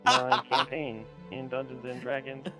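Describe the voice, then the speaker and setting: A man putting on a slow, deliberate reading of a rude reply from a scientist with a speech synthesizer, over background music. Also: mid-range voice, fairly even intonation, natural voice, low-quality recording. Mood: mocking. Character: male scientist's voice-synthesizer reply, crude and mocking. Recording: music playing behind the voice.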